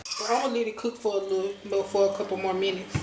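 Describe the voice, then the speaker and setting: A woman's voice: mid-range voice, fairly even intonation, quick pace. A woman, a home cooking vlogger, chatting casually to viewers as she shows a dish step by step in her kitchen. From United States. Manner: chatty, addresses viewers as y'all. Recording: echoey kitchen with cooking noise.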